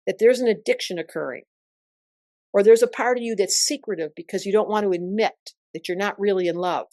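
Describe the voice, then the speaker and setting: An older woman, an astrologer guest in an interview, telling stories in an emphatic, expressive way. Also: medium pitch, dry recording, studio quality. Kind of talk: interview conversation.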